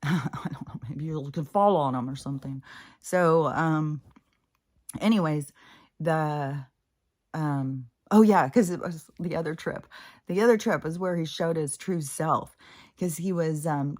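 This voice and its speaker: Low-voiced woman telling a candid story. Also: normal speed, a little mellow. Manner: candid, profane, exasperated storytelling. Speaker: spiritual vlogger. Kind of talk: casual storytelling monologue.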